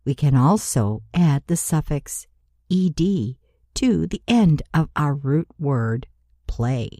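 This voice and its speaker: Very slow, low-voiced woman teacher. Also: expressive, mellow, dry recording, clean studio sound. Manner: slow, deliberate, spelling out letters for learners. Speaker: English teacher. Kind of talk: scripted grammar lesson narration.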